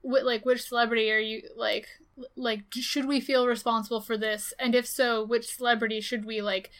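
A woman's voice: a little high, flat delivery, brisk, fairly bright tone. A young woman chatting casually on a podcast, full of "like" fillers as she retells events. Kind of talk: casual chat.

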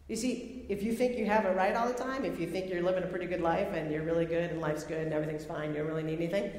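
A woman's voice: medium pitch, darkish tone. A woman preaching a sermon, emphatic and repeating phrases for effect. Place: large worship hall. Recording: echoey hall with long reverb.

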